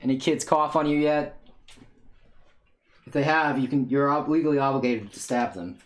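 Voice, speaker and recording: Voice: mid-range voice, moderate pace. A young adult in casual chat on an art stream, joking around and laughing a lot. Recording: roomy sound with faint noise.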